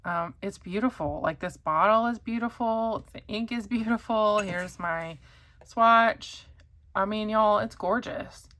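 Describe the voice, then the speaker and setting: A woman's voice: mid-range voice, unhurried, fairly bright tone. A woman chatting casually to camera as a pen reviewer, rambling with many ums and likes.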